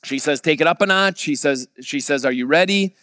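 A man preaching a sermon, his smooth, clear voice sitting fairly high. He tells a story, livening up the quoted lines. The sound carries a long reverb tail, as from a large hall. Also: brisk. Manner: storytelling, quoting others in a lively voice. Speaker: pastor. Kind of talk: sermon with anecdote.

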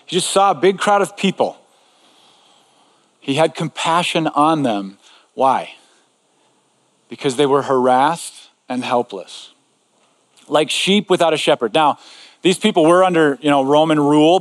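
A man preaching a sermon to a room, in a conversational way with frequent asides. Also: fairly high pitch. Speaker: pastor. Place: large room before an audience. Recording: long reverb in a large hall.

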